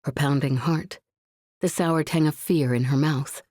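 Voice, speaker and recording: Woman narrator, audiobook reading, husky tone, dry close recording, measured tense delivery. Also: sits low, a little mellow, no echo.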